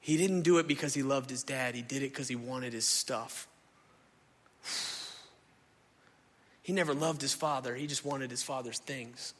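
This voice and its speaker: A pastor preaching a sermon into a stage microphone in a church hall, impassioned and conversational, often asking the crowd questions. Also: male voice, medium pitch, measured pace, pauses often, fairly bright tone.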